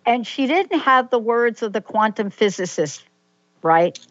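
A woman's voice: on the high side, animated, unhurried, a bit bright, no room sound. Woman interviewer, dry lo-fi sound. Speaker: host. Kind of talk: interview conversation.

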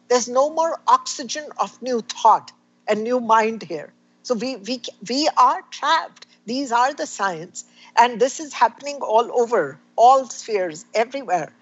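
A woman's voice: a little high, breathy edge, dull audio. A woman speaking as an interview guest, earnest and searching, often restarting her sentences. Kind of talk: reflective conversation.

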